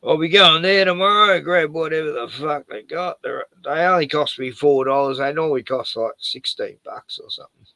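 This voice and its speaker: A man's voice: fairly high pitch, normal speed, hardly any pauses, pushed and bright, dry recording. A man chatting casually on a home stream, crude and joking, swearing freely. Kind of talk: casual chat. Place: home at night, door open to yard.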